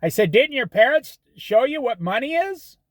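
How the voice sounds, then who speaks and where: Host, middle-aged man, high bouncy voice, folksy sermonizing monologue, dry close sound. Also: very animated, moderate pace, no room sound. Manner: folksy, preachy advice with storytelling. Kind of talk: casual monologue.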